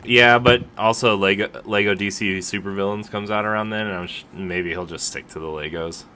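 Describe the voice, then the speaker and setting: A man's voice: on the low side, fairly even intonation, brisk, bright, forceful tone. A man co-hosting a podcast in casual chat, rambling and joking with plenty of filler words. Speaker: podcast co-host.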